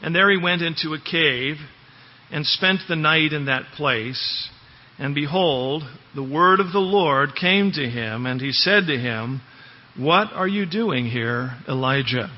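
A man preaching in a church sanctuary, his husky voice sitting a touch high for a man. He talks through the passage plainly and keeps asking the congregation questions. The sound is dull and lo-fi, with a long hall reverb trailing each phrase. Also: a little slow. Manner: conversational, asks the congregation rhetorical questions. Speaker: pastor. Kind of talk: expository sermon.

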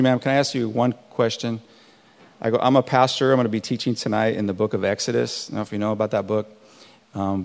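Man preaching in an echoing hall. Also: mid-range voice. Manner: relaxed conversational preaching, chuckles at his own stories. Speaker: pastor. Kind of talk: sermon with storytelling. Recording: long hall reverb.

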